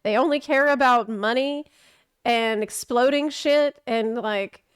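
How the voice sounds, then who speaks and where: A high-voiced woman streamer chats over a game preview in a playful, joking way and keeps cutting in with comments. Her voice sits close to a dry mic with no room around it. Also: measured pace, clean tone, no echo. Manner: joking, playful, interrupts the video often. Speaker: streamer reacting to a preview video. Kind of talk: casual reaction commentary.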